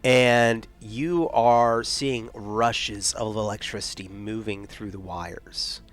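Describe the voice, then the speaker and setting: A man's voice: on the low side, steady tone, slow pace. A man narrating as game master in a tabletop game, rambling and often searching for words.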